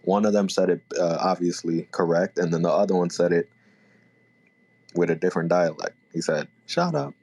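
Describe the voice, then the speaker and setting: A man co-hosting a podcast, chatting casually about a manga chapter and thinking out loud as he goes. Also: low-pitched, level tone, a little fast. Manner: laid-back, thinks aloud, self-correcting. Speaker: podcast co-host.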